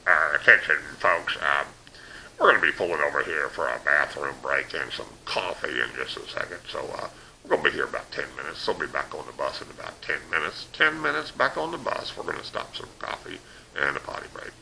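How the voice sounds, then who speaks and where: A man doing a tired male bus driver making an offhand intercom announcement, his very low, gravelly voice mumbling through fillers. The tone is bright and edged, with a faint hiss behind it. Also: expressive, a little fast, heavily acted, poor audio.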